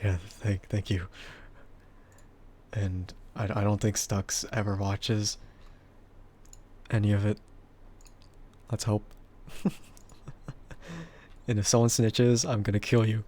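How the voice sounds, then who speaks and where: Vtuber guy chatting w/ chat, husky low voice, mellow, giggles a lot. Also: little pitch movement, takes it slowly, long pauses. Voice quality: husky, bassy voice. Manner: giggly, laughs often between remarks. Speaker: VTuber streamer. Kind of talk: casual stream chat answering viewers.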